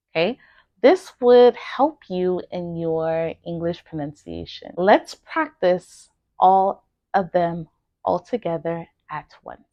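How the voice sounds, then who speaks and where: An American woman teaching English pronunciation, carefully enunciating example words in a clear instructional lesson. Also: fairly low pitch, a little mellow, no echo. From United States. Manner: deliberate, carefully enunciated word drills.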